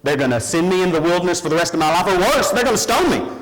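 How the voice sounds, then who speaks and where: A man's voice: sits high, very animated, racing, big-room sound, pitched above the performer's own voice, rough recording. A preacher voicing a frightened woman's anxious thoughts. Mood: fearful. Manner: anxious inner monologue. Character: frightened woman fearing punishment.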